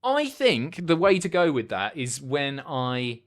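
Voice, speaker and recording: A man in his thirties hosting a casual livestream, reading chat messages aloud, sweary and rambling, jumping between loud outbursts and mumbles. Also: mid-range voice, big pitch swings, a little slow.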